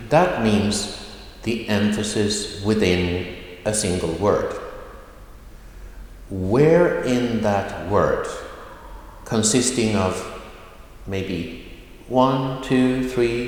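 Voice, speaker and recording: A man teaching a recorded video lesson, slowly repeating words so students can hear how they are pronounced. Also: on the low side, very echoey, long reverb tail. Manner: slow, deliberate, repeats words for pronunciation. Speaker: language teacher. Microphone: whiteboard in hand, camera at a distance.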